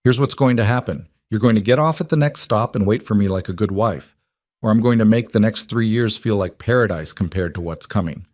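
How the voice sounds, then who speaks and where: A man voicing a controlling husband who speaks smugly and with false gentleness. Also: lowish voice, brisk, dry recording, lightly acted. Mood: menacing. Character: menacing controlling male detective husband.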